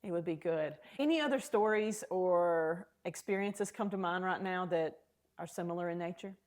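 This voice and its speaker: A woman's voice: lowish voice, normal speed, a little mellow. A woman hosting a podcast, asking encouraging questions and prompting her guest's stories. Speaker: podcast host. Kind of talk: casual interview.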